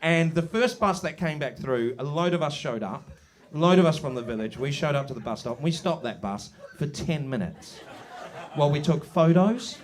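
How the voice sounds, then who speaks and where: A man from New Zealand with a New Zealand accent doing a crude, animated stand-up set in a pub, with loud, shouted punchlines. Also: on the high side, moderate pace. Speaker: stand-up comedian. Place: live show in a village pub.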